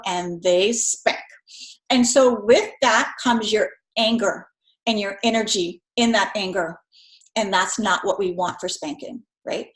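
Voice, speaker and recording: A woman's voice: a little high, echoey room, low-quality recording. A middle-aged woman giving a recorded lecture in a conversational way, often checking in with "right?". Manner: conversational, keeps adding "right?". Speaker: instructor.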